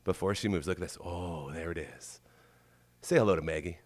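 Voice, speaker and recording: A man hosting a live stage show, excitable and jokey, chatting openly about his nerves. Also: deep voice, a little fast. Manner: excitable, jokey, emotional, talks to his dog. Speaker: show host. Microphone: handheld stage microphone.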